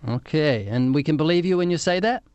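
A man's voice: a little high, expressive, fairly quick, darkish tone, smooth, no echo. A man with a New Zealand accent, questioning a young woman on a phone line with light teasing. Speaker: street evangelist.

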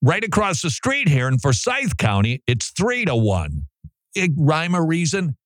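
A man's voice: on the high side, huge pitch swings, measured pace, no room sound. A man hosting a radio show from a studio, talking casually, joking and laughing often. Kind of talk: casual talk-radio monologue. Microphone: studio mic.

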